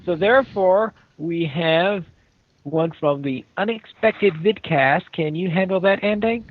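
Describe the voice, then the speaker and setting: A man co-hosting a casual podcast over an online call, unhurried as he hands off topics. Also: high voice. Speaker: podcast co-host. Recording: muffled online call audio.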